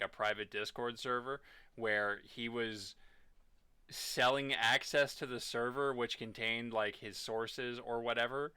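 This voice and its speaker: A man co-hosting a gaming podcast in casual chat, animated and rambling with lots of fillers. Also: medium pitch, clean tone, no room sound. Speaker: podcast co-host.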